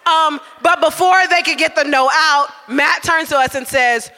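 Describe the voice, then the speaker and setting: A man tells a funny story in a very high, bright voice, tossing "right?" to the listeners again and again. His voice rings with a long reverb. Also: moderate pace. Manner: animated, keeps asking "right?". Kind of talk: live comic storytelling.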